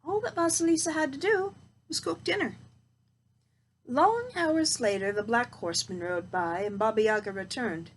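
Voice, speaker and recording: Woman storyteller, higher pitch, expressive read-aloud, faint hiss. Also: moderate pace, rough recording.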